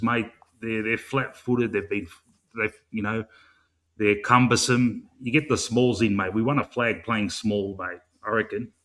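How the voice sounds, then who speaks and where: A man's voice: mid-range voice, fairly bright tone. An Australian man hosts a casual live fan stream with a mid-range voice. He rambles in a matey way, swears freely and leans on plenty of fillers. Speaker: fan show host.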